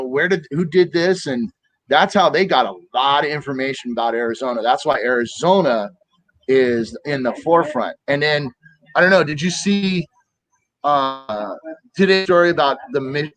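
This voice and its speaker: A man in his fifties from the United States, telling animated stories in a casual political chat and acting out quoted voices. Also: mid-range voice, moderate pace, rough recording. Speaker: co-host of a political talk stream.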